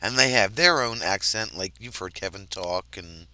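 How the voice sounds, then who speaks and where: Easygoing American man with a bright voice. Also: low voice, normal speed, slight background noise. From United States, mid-Atlantic region. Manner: easygoing, rambling, laughs often. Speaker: host. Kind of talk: casual chat.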